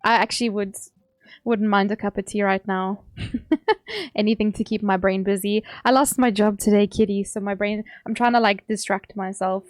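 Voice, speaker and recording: A woman's voice: mid-range voice, fairly even intonation, normal speed, no echo. South african lady chatting while she games, rambly, laughy, close dry mic. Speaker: game streamer. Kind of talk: casual chat while playing.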